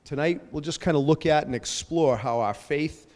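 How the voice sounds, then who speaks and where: A man's voice: a little high, normal speed, a little mellow. Chatty male pastor in an echoey hall. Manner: chatty, rambling, self-joking, with frequent fillers. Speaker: parish pastor hosting a panel. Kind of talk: welcoming remarks to a parish gathering. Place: church or parish hall. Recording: long echoey hall reverb.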